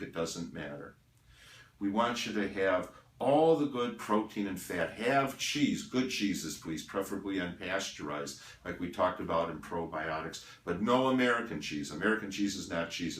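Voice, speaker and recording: A man's voice: low-pitched, a bit bright. An older man, a doctor, talking to the camera about diet in an emphatic way, listing items one by one. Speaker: doctor giving diet advice. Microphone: handheld camera at a distance. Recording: roomy, from far off the mic.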